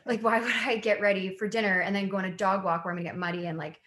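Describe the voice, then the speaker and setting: A woman's voice: medium pitch, quick pace, slight background noise. Chatty young woman, echoey room. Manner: animated storyteller, chatty, laughs often. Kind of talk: casual chat.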